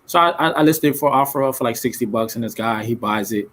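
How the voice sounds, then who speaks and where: A man's voice: mid-range voice, fast talker, a bit bright. A man guesting on a live stream, talking in a laid-back, slangy way and laughing often. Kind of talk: casual chat.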